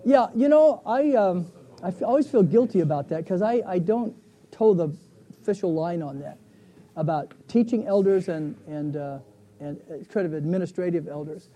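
Man, pastor teaching bible class, high voice, mellow, halting conversational delivery. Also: expressive. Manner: conversational, halting, many restarts and fillers. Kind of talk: casual Bible study teaching.

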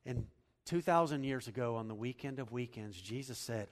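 A man preaching a sermon, climbing to loud emphatic peaks and dropping low, asking listeners to fill in words. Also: normal speed. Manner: asks the congregation to fill in words. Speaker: pastor.

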